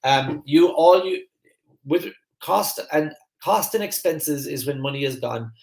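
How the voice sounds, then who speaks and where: A man with an Irish Kerry accent, hosting a live online masterclass. He talks fast and eagerly, with lots of fillers and restarts, and chats with viewers. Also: fairly high pitch, creaky, reverberant. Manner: fast, energetic, chatty, many fillers and restarts. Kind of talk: live-stream talk to viewers, reading the chat.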